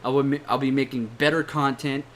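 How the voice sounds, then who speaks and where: A man's voice: mid-range voice, flat delivery, brisk, slight background noise. A young man, a YouTuber, delivering a heated, profane rant to his viewers, blunt and swearing often. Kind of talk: angry rant to camera.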